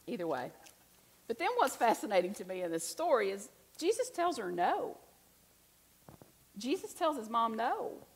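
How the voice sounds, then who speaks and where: A woman's voice: medium pitch, poor audio. A woman giving a conversational sermon, telling stories and asking the congregation rhetorical questions. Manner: chatty, animated storytelling with rhetorical questions to the congregation. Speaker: preacher.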